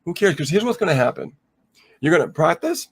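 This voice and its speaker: A man co-hosting a live coaching stream, relaxed and joking, whose voice sometimes drops low. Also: fairly quick, husky. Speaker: co-host of a live coaching show.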